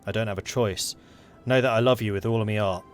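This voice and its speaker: A man's voice: fairly low pitch, steady tone, fast, soft background music, lightly acted. A man as a bluff old English soldier. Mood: tender. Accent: South London. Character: older English army veteran, cheerfully gung-ho.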